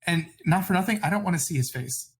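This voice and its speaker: A man co-hosting a casual podcast chat, giving blunt opinions and quick apologetic asides. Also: sits high, animated. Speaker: podcast co-host.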